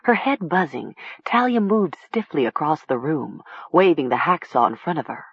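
An audiobook narrator reading a horror story with slow, expressive storytelling. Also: mid-range voice, husky, no room sound, lo-fi sound.

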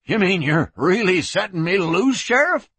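A man voicing a hoarse town drunk in a western audiobook, jittery and wheedling. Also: fairly high pitch, big pitch swings, a little slow, sharp tone, no room sound, voice pushed up, heavily acted. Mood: pleading.

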